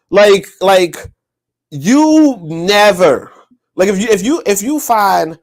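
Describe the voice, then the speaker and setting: A man co-hosting a livestreamed podcast, talking in a loose, profane, animated way and laughing often. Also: high-pitched, extremely slow. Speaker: podcast co-host. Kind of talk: casual livestream chat.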